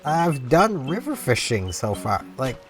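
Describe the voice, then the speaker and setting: A man's voice: medium pitch, very animated, a little slow, faint music behind. A sleepy man rambling chattily through casual gameplay commentary. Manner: rambling, chatty, easily amused. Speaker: gaming channel host.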